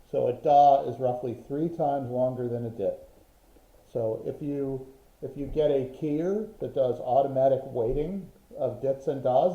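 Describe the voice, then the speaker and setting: Man teaching Morse code, roomy lo-fi. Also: medium pitch. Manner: patient, explains with examples and rhythmic vocal sounds. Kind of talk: online class teaching. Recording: roomy, dull lo-fi sound.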